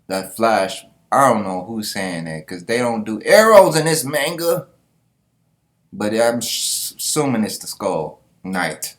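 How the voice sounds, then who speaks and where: A man's voice: on the low side, lively intonation, a little slow. A man giving a casual, slangy, profane comic-book reaction, laughing often. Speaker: manga reviewer.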